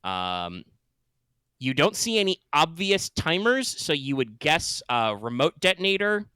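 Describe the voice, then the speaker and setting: A man running a tabletop game as game master, talking in an animated, casual way. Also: fairly high pitch, a little slow, smooth, no echo.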